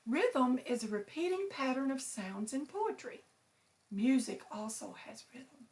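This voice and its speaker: A woman teacher presenting a children's lesson, explaining patiently and enunciating clearly. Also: high voice, expressive, unhurried, darkish tone, distant mic.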